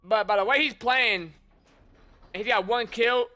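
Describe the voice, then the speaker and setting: A man's voice: extremely high pitch, a little slow, sharp tone. A man streaming a game, chatting casually and teasing the players he meets. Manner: chatty, teasing taunts at opponents. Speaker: gamer streamer. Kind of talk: casual gameplay commentary.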